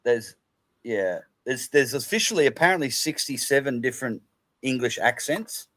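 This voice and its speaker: A man's voice: medium pitch, animated, moderate pace, fairly bright tone. A man with an Australian accent making dry, teasing remarks in a casual live-stream chat.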